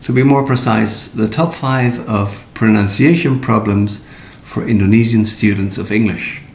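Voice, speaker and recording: A middle-aged man gives a recorded pronunciation lesson in a low, gravelly voice, taking his time over every word. His slow, deliberate delivery is dotted with fillers and spoken examples. The sound carries an echoey room with a faint rumble underneath. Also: fairly even intonation, a little mellow. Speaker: English pronunciation teacher.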